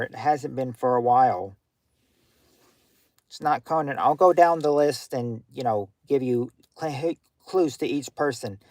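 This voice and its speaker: Halting man hosting a game stream. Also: a little high, a little mellow, no room sound. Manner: halting, hunts for words with many fillers; gives clues to players, talks to chat. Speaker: livestream game host. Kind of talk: casual livestream game hosting.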